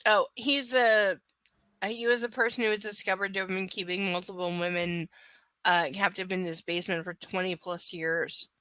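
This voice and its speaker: A woman's voice: mid-range voice, fairly even intonation, normal speed, bright, forceful tone, smooth, dry recording. Sarcastic, swearing woman reading aloud. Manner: sarcastic, profane asides. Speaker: live book reader. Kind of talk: casual live reading with commentary.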